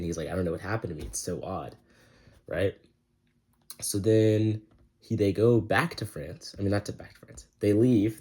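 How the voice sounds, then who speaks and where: A young man talks through a book review in a loose, rambling way, leaning on slang and filler words. His voice sits low, with a soft, mellow tone. He chats easily, like he is talking to friends.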